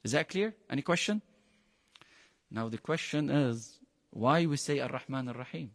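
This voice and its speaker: A man with an Arabic accent teaching a class on the Quran in English, animated, often firing questions at his students. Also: normal speed, no room sound, in a large hall. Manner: animated, questioning the class, pitch jumping high for emphasis. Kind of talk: interactive religious lesson.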